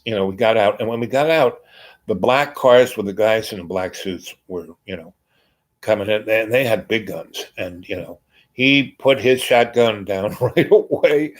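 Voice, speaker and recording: A man's voice: fairly low pitch, moderate pace, poor audio. A man telling a long personal story in a rambling, casual way, full of fillers and quoted exchanges. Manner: rambling, filler-heavy, voices others in quotes.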